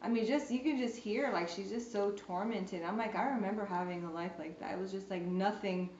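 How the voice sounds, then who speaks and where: A woman's voice: medium pitch, a little fast, a little mellow. A woman sharing a testimony in a casual group discussion, telling a chatty story and acting out both sides of the conversations. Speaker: beauty business owner sharing a testimony. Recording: roomy, dull recording with faint background noise.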